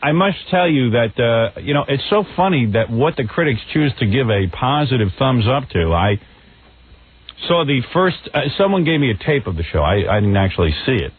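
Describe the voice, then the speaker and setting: A man's voice: mid-range voice, big pitch swings, moderate pace, husky. A man in his forties hosting a radio talk show, blunt and mocking, stammering through restarts. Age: 40s. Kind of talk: casual radio chat. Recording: tinny narrow radio broadcast.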